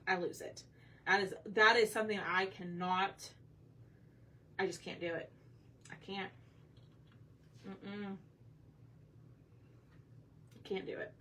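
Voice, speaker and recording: A woman's voice: medium pitch, steady tone, slow, long pauses, pushed and bright, recorded from a distance. A woman hosting a craft livestream, chatting casually with her viewers while she paints. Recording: voice a bit off-mic with faint room noise.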